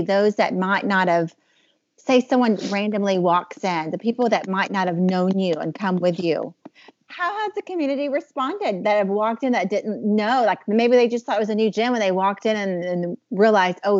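A woman's voice: medium pitch, expressive, moderate pace, darkish tone, dry recording. Thoughtful woman hosting a podcast. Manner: thoughtful, meandering phrasing with fillers. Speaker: podcast host. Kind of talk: interview questions, casual. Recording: dull, slightly muffled podcast audio.

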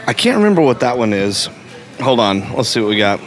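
A man's voice: mid-range voice, big pitch swings, a little fast, soft background music. A playful man chats his way through a taco tasting. He recorded outdoors in a town. He teases his friends and calls out what they are eating. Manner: playful, jokey, narrates what others do. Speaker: co-host of a food review show. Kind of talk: casual food-tasting chat.

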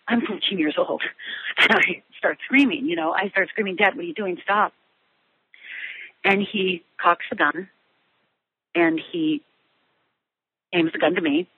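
A middle-aged woman being interviewed, telling her personal story in a halting way with many restarts and fillers. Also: on the low side, husky, no room sound. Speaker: guest. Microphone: phone line. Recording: tinny phone line.

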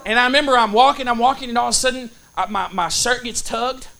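A man delivers a sermon in a very high voice with a bright, forceful edge. He talks in a folksy, casual way and tells stories, pausing to ask for an answer from his listeners. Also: creaky. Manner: storytelling with call-and-response asides. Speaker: preacher.

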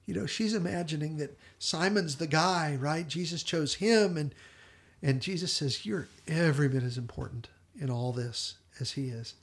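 A man with a gravelly edge to a fairly high voice, co-hosting a podcast. He retells a TV episode with lively energy, slipping into short quoted character voices. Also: moderate pace. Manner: animated storyteller, quotes characters in brief voices, laughs often. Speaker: podcast co-host.

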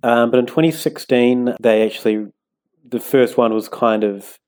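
A man's voice: mid-range voice, steady tone, normal speed, darkish tone, clean tone. A man, co-hosting a casual podcast, easygoing and hesitant, with lots of "like" and "um". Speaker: podcast co-host. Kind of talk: casual chat.

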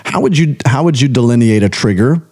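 A man's voice: mid-range voice, expressive, fairly quick, darkish tone, breathy edge, no echo, clean studio sound. A man hosting a podcast interview, asking reflective questions and affirming his guest. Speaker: podcast host. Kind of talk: interview conversation.

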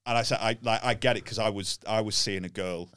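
A man's voice: on the low side, fairly even intonation, fast talker, a bit bright, smooth, dry recording. A man from Bury, near Manchester, a comedian guest, telling stories in a blunt, sweary way. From Bury, near Manchester, England. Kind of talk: casual chat.

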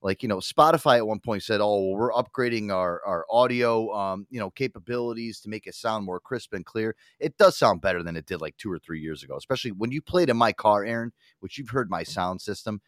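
A man's voice: fairly low pitch, brisk, few pauses, no room sound, clean studio sound. A man in his thirties, a podcast host, telling stories in casual chat with lots of swearing. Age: 30s. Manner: profane, animated storytelling.

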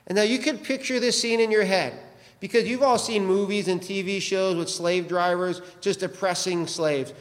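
A man's voice: high voice, fairly even intonation, moderate pace, in a large hall. A man preaching a sermon as pastor, pressing his listeners with many rhetorical questions.

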